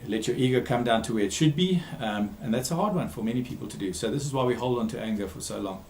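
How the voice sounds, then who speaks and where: A man who works as a therapist gives a recorded talk, speaking emphatically, repeating key words and pausing with frequent ums. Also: mid-range voice, animated, a little mellow, echoey room, a little hiss or hum. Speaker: therapist giving a talk series.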